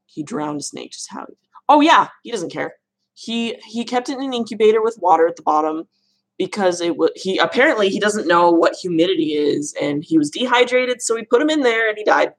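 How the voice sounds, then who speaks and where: Speaking at medium pitch with lively intonation and a slightly fast pace, a woman answers live chat questions about reptiles she keeps. It's a casual livestream, and she laughs at her own mispronunciations.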